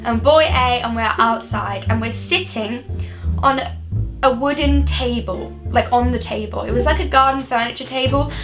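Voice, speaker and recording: Over background music, a young vlogger with a fairly high voice tells a personal story at a moderate pace. It's a casual, rambling storytime, packed with "like" fillers.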